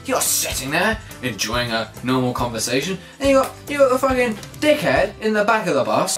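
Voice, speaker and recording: A young adult, ranting casually in a vlog with lots of swearing and sudden jumps toward shouting. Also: mid-range voice, moderate pace, few pauses, soft background music. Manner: animated, sweary ranting with big swings up to near-shouting. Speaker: vlogger.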